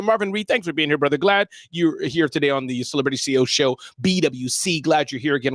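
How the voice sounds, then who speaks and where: A man's voice: a little high, fairly bright tone, no room sound, studio quality. A man hosting a live business talk show, upbeat and chatty, often laughing as he moves through the topics. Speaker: show host.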